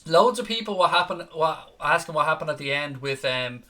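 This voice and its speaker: A young man hosts a post-match football live stream, reading viewers' comments aloud and answering each one with quick, cheeky banter. His voice is bright and forceful, sitting a little high for a man. He is battling a stomach virus but keeps the excitable chatter going. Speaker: football channel host reading live chat.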